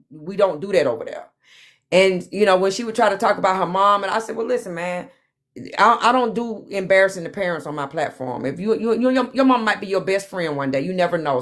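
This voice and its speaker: Middle-aged woman, live stream host, animated storyteller who acts out quotes. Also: fairly low pitch. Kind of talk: casual storytelling chat.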